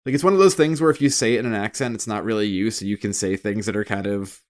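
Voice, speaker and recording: A man co-hosting a casual podcast, animated and laughing as he quotes lines from a show. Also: lowish voice, fast. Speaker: podcast co-host.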